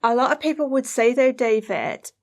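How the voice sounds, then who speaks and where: A woman's voice: high voice, normal speed, a little mellow. A woman co-host reading out a viewer's question and asking earnest follow-up questions. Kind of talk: interview questions.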